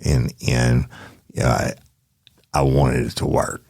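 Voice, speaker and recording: A man with an extremely low, gravelly voice tells a true crime story. He talks casually and profanely, speaking straight to his listeners. The sound is dry and close. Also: flat delivery, slow pace, darkish tone, no echo. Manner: profane, colloquial, addresses listeners directly.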